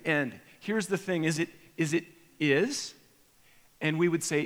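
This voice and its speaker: A man preaching a sermon, animated, acting out imagined prayers with sudden rises in pitch and volume. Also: moderate pace. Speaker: pastor. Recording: long hall reverb.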